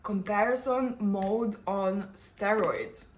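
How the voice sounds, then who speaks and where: A young adult woman vlogger and coach giving casual, expressive personal talk to the camera, often breaking into laughter. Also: mid-range voice, slow pace.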